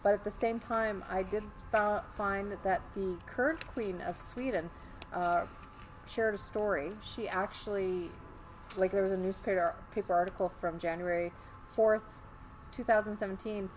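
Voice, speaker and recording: A woman's voice: mid-range voice, fairly even intonation, moderate pace, slight background noise, rough recording. A woman hosting a podcast, telling stories in a chatty, rambling way with restarts. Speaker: podcast host. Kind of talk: casual storytelling chat. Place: live event in a large store.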